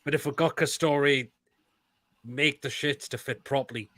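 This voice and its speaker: A man's voice: mid-range voice, fairly even intonation, normal speed, fairly bright tone, dry recording. A man co-hosting a casual live stream and reading viewer comments aloud.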